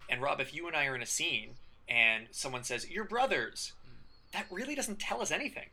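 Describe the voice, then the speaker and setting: A man's voice: mid-range voice, big pitch swings, brisk, gravelly, pushed and bright. A man co-hosting a casual podcast, explaining improv tips in an easygoing, teaching way. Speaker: podcast co-host. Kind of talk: casual chat.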